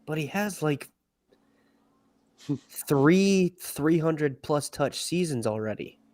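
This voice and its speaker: Blunt fantasy football co-host, dry close-miked sound. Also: male voice, fairly high pitch, lively intonation, takes it slowly, darkish tone, dry recording. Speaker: podcast co-host. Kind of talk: casual fantasy football chat.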